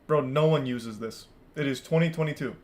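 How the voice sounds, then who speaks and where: A man's voice: mid-range voice, brisk, a little mellow. A man in his thirties giving casual, sarcastic reaction commentary over a video, mocking it and swearing.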